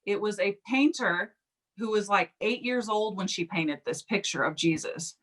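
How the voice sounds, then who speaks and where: A woman's voice: mid-range voice, moderate pace. A woman, a psychic medium, telling a personal story in an interview and acting out the quoted speech. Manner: animated, acts out quoted speech.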